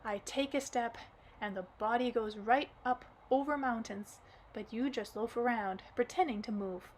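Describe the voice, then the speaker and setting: Woman reading as a boastful, brash dark-haired man. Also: on the high side, normal speed, slight background noise, lightly acted, poor audio. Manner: bragging, punchy outbursts.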